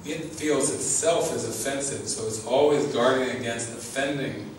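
Picked up by a far-off mic in an echoey space with noise behind him, a teacher delivers a casual spiritual talk in a mid-range voice at a moderate pace. He's sincere, frequently laughs, and repeats himself.

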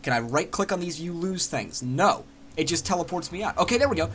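A man's voice: on the high side, lively intonation, a little fast, slight background noise. A man giving casual, rambling, self-mocking commentary while playing a video game. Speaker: gaming channel host. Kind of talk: casual let's-play commentary. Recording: loud game music under voice. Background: loud game music and explosions.

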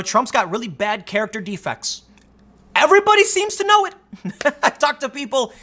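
A man giving solo political commentary, reading news quotes aloud and reacting, getting animated and repeating words when fired up. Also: high voice.

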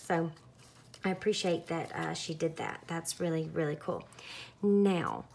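Chatty young woman, lowish voice. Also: moderate pace, vocal fry, a little hiss or hum. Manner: chatty, relaxed, lots of fillers. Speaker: craft vlogger. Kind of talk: casual narrated craft tutorial.

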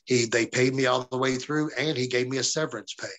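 Man, interview guest, blunt, profane storyteller, bright forceful voice, mid pitch. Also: steady tone, fairly quick, low-quality recording. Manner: profane, blunt, quotes others in dialogue. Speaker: interview guest, former pro wrestler.

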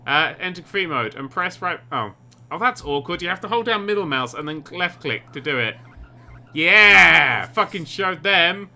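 A man commentating over a video game he is playing, excitable and sarcastic, swearing often. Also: fairly high pitch, fairly quick. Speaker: gaming commentator. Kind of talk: let's play commentary.

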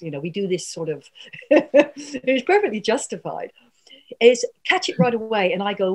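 A woman's voice: medium pitch, sing-song, moderate pace. A woman communication trainer giving an earnest, coaching workshop talk. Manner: earnest, coaching, frequent asides and laughs.

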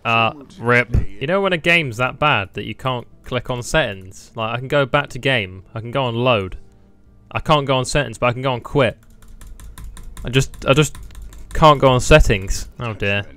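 A man's voice: medium pitch, moderate pace, pushed and bright, clean tone, faint music behind. A man doing sarcastic comedic commentary while playing a video game, laughing often and mocking it. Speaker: gaming YouTuber. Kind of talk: comedic let's play commentary.

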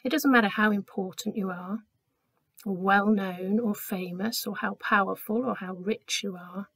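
A woman tells a story to a group of children in a slow, clear, gentle voice. Her pitch sits at an ordinary middle height, and she lifts it to act out the characters. The sound is dry and close, with no room echo. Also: fairly even intonation. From England. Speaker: children's talk leader. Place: church.

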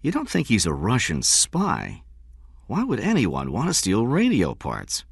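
A man's voice: medium pitch, huge pitch swings, measured pace, gravelly, breathy edge, no echo, clean studio sound, voice pushed up, exaggerated voice. A man reading an audiobook, voicing a puzzled police detective who muses aloud. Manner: musing, wondering.

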